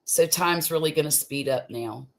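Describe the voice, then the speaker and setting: A woman from the US Gulf Coast hosts a homey, chatty live stream from a room at home. Her low, creaky voice moves at a moderate pace, and she laughs easily and trails off into fillers.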